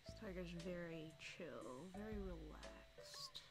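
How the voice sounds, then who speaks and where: A woman chatting casually on a live stream while she draws, sleepy and soft-spoken, rambling to herself. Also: on the low side, expressive, slow pace, music in the background. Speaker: artist livestreaming her drawing. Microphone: desk microphone.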